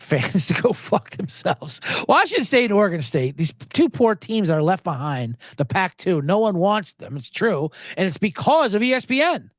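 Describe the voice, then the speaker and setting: Clean studio sound with no echo carries a man hosting a live sports podcast in Los Angeles. His rants are casual and sarcastic, and he animatedly acts out other people in a high, raised voice.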